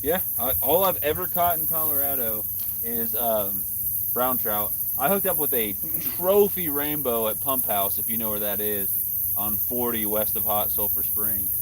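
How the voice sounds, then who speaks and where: A man's voice: medium pitch, normal speed, recorded from a distance, slight background noise. A man casually chatting on a night fishing livestream outdoors, easygoing and talkative. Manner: easygoing, chatty, says man and bro a lot.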